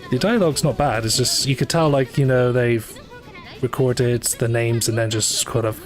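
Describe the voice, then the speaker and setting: Faint game music plays as a man streams himself playing a gacha game, offering casual live commentary in a medium-pitched voice at normal speed. He tends to ramble, with many fillers, self-corrections, and dry little asides.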